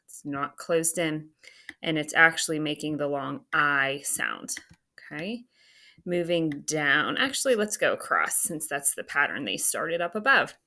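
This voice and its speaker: Bright, slow-paced woman teaching phonics. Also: low-pitched, lively intonation. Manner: patient, spells words letter by letter; self-talk while writing on screen. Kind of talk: phonics lesson walkthrough.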